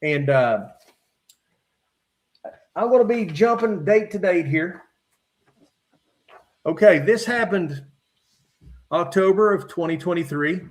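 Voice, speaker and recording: A middle-aged man from Virginia, a podcast guest calmly recounting his own encounters from his notes with frequent "uh" fillers. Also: high voice. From West Virginia. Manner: measured, matter-of-fact retelling with frequent "uh" fillers. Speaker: podcast guest, former state trooper.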